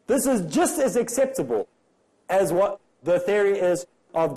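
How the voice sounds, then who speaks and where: A man's voice: sits high, very animated, a little slow, dark tone, rough recording. A man from Africa, giving an emphatic religious lecture full of rhetorical questions. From South Africa.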